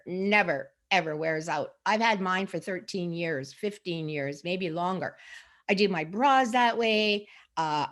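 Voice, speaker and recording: A middle-aged woman chatting casually to camera about a product she sells, rambling and restarting often. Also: medium pitch. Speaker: sock sales associate.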